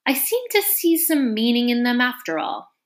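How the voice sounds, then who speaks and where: A woman's voice: a little high, very animated, moderate pace. Woman doing a pompous old king. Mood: musing. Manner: bustling, self-satisfied.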